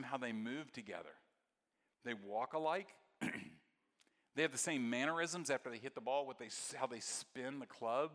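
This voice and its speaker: A man preaching a sermon, telling stories with excitement and then dropping to hushed, tender moments. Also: medium pitch, normal speed, pauses often. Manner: storytelling, swings from excited to very soft and hushed. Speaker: pastor. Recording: long hall reverb.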